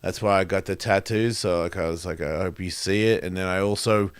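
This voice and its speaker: A man's voice: deep voice, steady tone, brisk, smooth, dry recording. A middle-aged man, hosting his show and speaking candidly in a profane, rambling, confessional way. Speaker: host. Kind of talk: candid monologue.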